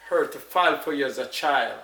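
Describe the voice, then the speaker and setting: Older jamaican guy reminiscing slow, kinda gravelly, echoey room, mic far off. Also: mid-range voice, animated, noisy background. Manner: unhurried, reminiscing storyteller. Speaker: elder being interviewed. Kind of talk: casual recollection.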